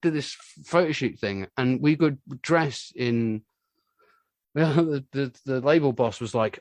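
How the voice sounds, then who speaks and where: A man, a musician, telling rambling anecdotes in a casual interview and getting animated when he acts out what others said. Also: mid-range voice, takes it slowly, no echo. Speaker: musician guest.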